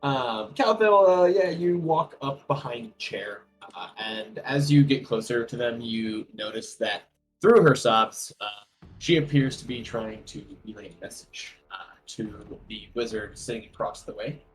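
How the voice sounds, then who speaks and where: A man narrating as game master of a tabletop game in a relaxed way, with many fillers. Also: medium pitch, measured pace, poor audio.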